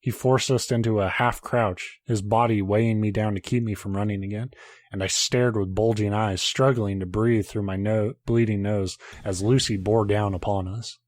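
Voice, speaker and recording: A man's voice: fairly low pitch, fairly even intonation, moderate pace, a little mellow, no echo. A man, a podcast host, reading a horror story aloud in a casual way, now and then breaking off to joke and swear.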